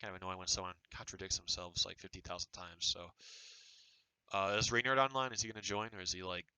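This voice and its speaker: A young man chatting on a voice call, blunt and swearing freely, his sentences often trailing off quietly. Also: low-pitched, fairly even intonation, fast talker, clean tone, no echo, low-quality recording. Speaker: roleplay group leader. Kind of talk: casual voice chat.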